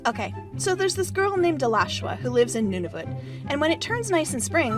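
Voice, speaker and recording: A woman museum teacher hosting a children's storytime, speaking straight to young listeners in an upbeat, friendly way. Her voice sits a little high and moves in lively swoops, with light music faintly behind her. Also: a little fast.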